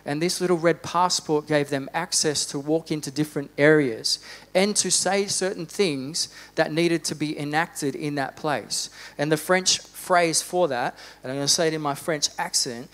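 Fervent preaching man, raised pitch. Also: a little slow. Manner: fervent preaching, swings from loud exhortation to quiet reflection. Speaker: pastor. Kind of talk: sermon. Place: church.

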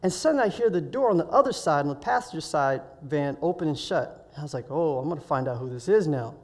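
A man speaking at a week of prayer, telling a personal story in a sermon and acting out the dialogue with lively swings of voice. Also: on the high side, quick pace. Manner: animated, acts out dialogue in his story. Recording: reverberant hall.

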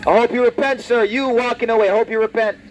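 A man preaching loudly and confrontationally on the street, repeating his lines. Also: very high voice, fairly even intonation, fast, slight background noise, poor audio. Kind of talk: open-air street preaching. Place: outdoors on a street.

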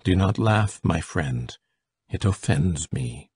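Man doing a gentle, proud young duke for a storybook, gravelly and husky. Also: low-pitched, animated, slow pace, no echo, full character voice. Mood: earnest.

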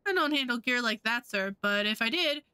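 A woman voicing a sly aging male black-market merchant in a game, with a slow, drawling way of talking. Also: fairly high pitch, expressive, pushed and bright, slight background noise. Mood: wary.

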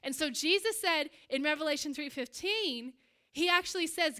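A middle-aged woman preaches a sermon from a church stage. She tells stories with animation and energy. Her voice sits high and sounds bright and forward. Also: normal speed. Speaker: pastor.

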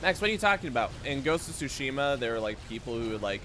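A man's voice: mid-range voice, very fast, hardly any pauses, noisy background. A man streaming video games, commenting live, swearing often and slipping into silly voices. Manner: excitable, swears a lot, jumps into silly put-on voices.

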